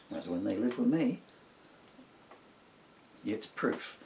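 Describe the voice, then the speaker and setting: Gravelly low-voiced man musing aloud. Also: moderate pace, long pauses, distant mic, a little hiss or hum. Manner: musing, digressive, talks to himself. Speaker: songwriter. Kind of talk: casual rambling monologue. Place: home room at a table.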